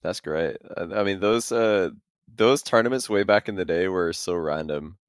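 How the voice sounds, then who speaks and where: An easygoing man co-hosting a podcast, reminiscing in casual chat. His voice sits very low and sounds dry and close. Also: normal speed, dry recording. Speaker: podcast co-host.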